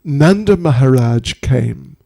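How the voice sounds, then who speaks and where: Slow, gravelly male spiritual teacher. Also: mid-range voice, lively intonation, warm tone. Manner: humorous, chatty asides to audience. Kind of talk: devotional storytelling talk.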